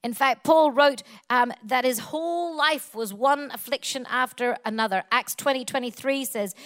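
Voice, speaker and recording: Emphatic high-voiced woman preacher. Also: normal speed, few pauses. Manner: emphatic, repetitive, building lists. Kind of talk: sermon.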